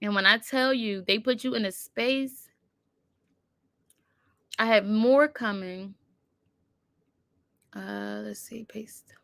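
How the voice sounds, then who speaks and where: A woman's voice: medium pitch, takes it slowly, creaky, long pauses, fairly bright tone, no room sound. A woman hosting a casual livestream on her computer, chatting and reciting affirmations with frequent laughs. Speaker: livestream host. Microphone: computer mic.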